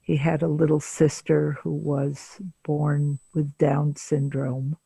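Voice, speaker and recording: An older woman therapist speaks slowly in a gravelly, husky voice, taking her time between phrases. She recounts cases in a calm interview setting. The sound is dry and close. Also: deep voice, no echo. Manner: slow, deliberate storyteller with frequent pauses. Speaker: psychotherapist guest. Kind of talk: interview storytelling.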